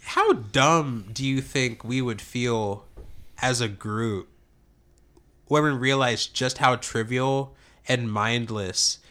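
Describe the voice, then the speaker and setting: A man's voice: mid-range voice, takes it slowly, pushed and bright. A young man guesting on a casual podcast, rambling with lots of fillers and swearing. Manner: rambling, filler-heavy, swears, laughs easily. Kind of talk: casual chat.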